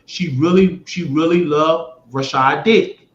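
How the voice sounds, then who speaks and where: A man's voice: on the high side, moderate pace, slight background noise. Rambling, blunt man in an echoey room. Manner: rambling, blunt, swears freely; swings between loud bursts and mutters. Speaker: show host. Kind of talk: casual rambling monologue. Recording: echoey room, dull lo-fi sound.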